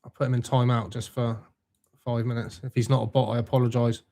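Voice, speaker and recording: A man's voice: medium pitch, level tone, brisk, mellow. A young man hosting a live stream, chatting casually and reading out viewer comments in a laid-back, matey way.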